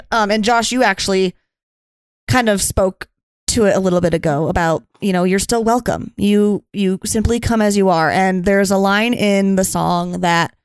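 A woman who is a Methodist pastor co-hosting a podcast, speaking earnestly in a measured, heartfelt cadence. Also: mid-range voice, clean tone, no echo, clean studio sound. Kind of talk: casual chat turning into heartfelt blessing.

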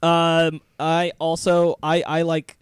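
A man's voice: on the high side, monotone, slow, smooth, dry recording. A man co-hosting a casual podcast chat, enthusiastic, laughing often and restarting his sentences. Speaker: podcast co-host.

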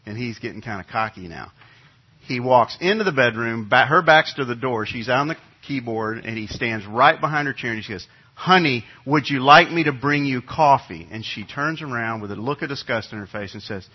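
A middle-aged man, a pastor, preaching a sermon in a relaxed, conversational way, telling a family story with frequent restarts and fillers. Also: mid-range voice, a little fast, husky, lo-fi sound. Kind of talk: sermon with personal anecdote. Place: church sanctuary.

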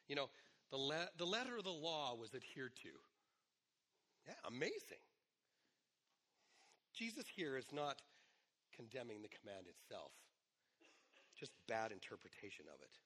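Hoarse, lively middle-aged preacher man. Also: mid-range voice, normal speed, long pauses. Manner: lively, conversational preaching with asides and restarts. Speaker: pastor. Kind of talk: sermon.

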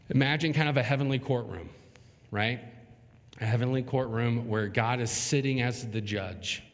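A man preaching a sermon as pastor, speaking with dramatic, emphatic pauses. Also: mid-range voice, long reverb tail.

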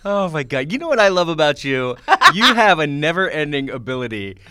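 A man's voice: on the high side, big pitch swings, brisk, bright, forceful tone, smooth. A man co-hosting a casual studio chat, teasing in a dry, laid-back way. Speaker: podcast co-host.

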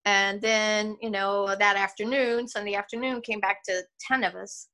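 An older woman talking on a video call as an interview guest, reflective and halting, laughing often. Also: mid-range voice, fairly even intonation, bright, forceful tone. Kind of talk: casual interview conversation.

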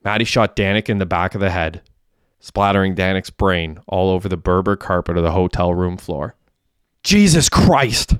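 A man reading a crime story aloud in a plain, steady way. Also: sits low, a little fast, clean tone, no room sound, studio quality. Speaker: narrator. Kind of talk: audiobook narration.

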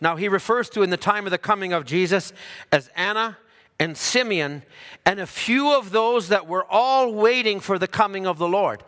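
A man preaching a sermon, dropping low for asides and rising loud for emphasis. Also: normal speed. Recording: hall reverb.

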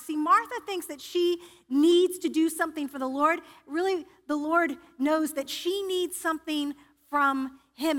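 A woman's voice: sits high, fairly bright tone. A woman preacher giving a personal, confessional sermon in a church, often restarting her sentences. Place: church sanctuary. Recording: reverberant church hall.

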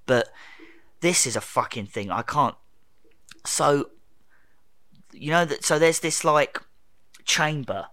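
A man's voice: a little high, animated, slow pace, long pauses, pushed and bright, no echo. A young man ranting in casual chat, swearing freely and acting out quotes.

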